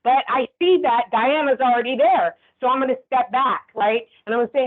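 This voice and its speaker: A woman's voice: high-pitched, fairly quick, few pauses. A woman instructor giving a conversational training lecture, often checking in with the class. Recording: tinny phone-like sound.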